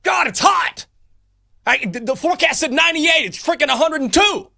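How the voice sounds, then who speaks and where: A man putting on the voice of a hot-tempered middle-aged football coach, shouting and griping. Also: very high voice, expressive, normal speed, gravelly, pitched above the performer's own voice, exaggerated voice. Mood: angry griping.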